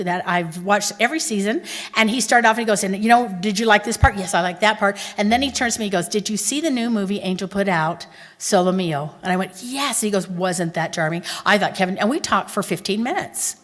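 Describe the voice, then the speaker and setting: A woman from Texas with a Texan accent speaks at a conference in a chatty, animated way. She tells stories and asks her audience questions. Her voice has an ordinary middle pitch and carries a long reverb from a large hall. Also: fairly quick. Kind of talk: conference talk.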